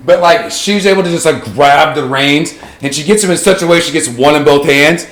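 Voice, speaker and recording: A man's voice: a little high, brisk, fairly bright tone. A man narrating as game master, casual and rambling, with filler words between his thoughts. His voice has a roomy echo.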